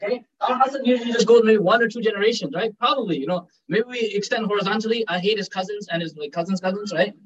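High-voiced fast-talking man teaching. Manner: conversational and joking, mixing in Urdu and Arabic phrases. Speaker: Islamic teacher giving a talk. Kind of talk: informal religious lecture. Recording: dull distant recording.

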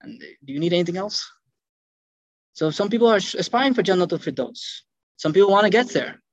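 A man giving an animated sermon, telling stories and acting out the people in them. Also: high voice, fairly quick, no room sound, dull audio. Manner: animated, acts out quotes in dropped voices. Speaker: Islamic lecturer. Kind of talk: lively sermon storytelling.

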